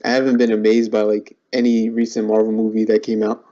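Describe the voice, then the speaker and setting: A man's voice: fairly low pitch, monotone, a little fast, warm tone. A young man as a guest in a casual chat, easygoing and agreeable, who hedges a lot with "like". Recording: muffled lo-fi recording.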